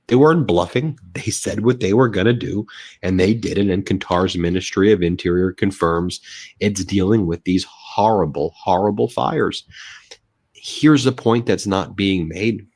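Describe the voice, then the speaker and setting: Scornful low-voiced man. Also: unhurried, darkish tone, no echo. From United States. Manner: emphatic, scornful, mocks in put-on voices. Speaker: political commentator. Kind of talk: political commentary video.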